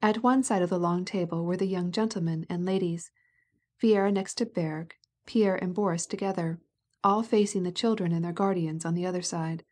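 Calm woman reading a novel aloud. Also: on the low side, moderate pace. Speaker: audiobook narrator. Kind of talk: scripted narration of a classic novel.

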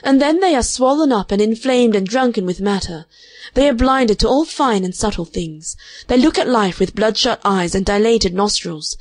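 A woman reading an audiobook, voicing a fervent, prim spinster who preaches against men in a high-strung, vehement way. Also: animated, moderate pace, dry recording. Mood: preachy. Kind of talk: audiobook character voice.

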